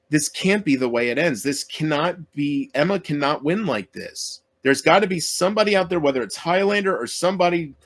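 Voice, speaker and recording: A man's voice: medium pitch, fairly bright tone. A man vlogging to his viewers in an upset, pleading rant, swearing and repeating himself, close to tears.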